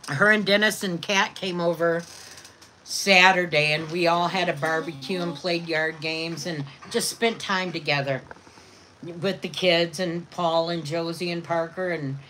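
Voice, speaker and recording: Slow, low-voiced woman. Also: fairly bright tone, slight background noise. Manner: doting baby talk to her dogs. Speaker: vlogger. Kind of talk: casual chat to viewers and pets.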